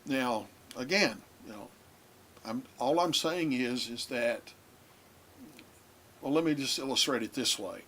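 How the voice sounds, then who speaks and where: A man teaching a lesson, talking in a halting way with many fillers and restarts. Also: mid-range voice, fairly bright tone, a little hiss or hum. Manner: addresses younger listeners. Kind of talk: lecture on biblical languages.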